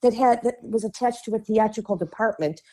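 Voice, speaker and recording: Slight background noise sits under this Chicago woman's a-little-high, brisk voice. With her Midwestern accent, she swaps animated stories as a podcast guest, laughing a lot and mimicking whoever she quotes in this casual interview.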